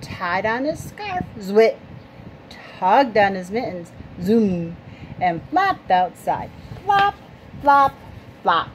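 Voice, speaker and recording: Slow, animated woman reading to kids. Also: medium pitch. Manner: slow, animated, asks listeners questions. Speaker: storytime reader. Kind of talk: reading a picture book aloud to children. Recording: noisy home recording.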